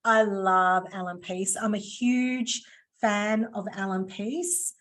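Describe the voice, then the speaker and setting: A woman's voice: medium pitch, fairly even intonation, slow, fairly bright tone. A woman presenting a live online training session over a video call, chatty and playful with teasing asides. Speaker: workshop presenter.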